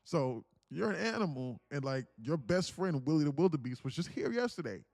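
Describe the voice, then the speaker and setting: Animated man telling a trading parable. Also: on the high side, brisk, creaky, no room sound. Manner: animated storytelling, laughs often, many fillers. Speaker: trading streamer. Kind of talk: casual livestream teaching.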